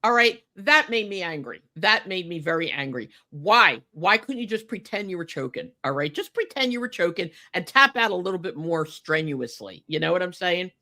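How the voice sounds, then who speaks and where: Bright-voiced woman ranting about wrestling. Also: lowish voice, moderate pace, hardly any pauses. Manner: animated, indignant, many fillers and restarts. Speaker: podcast co-host. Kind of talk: casual wrestling chat.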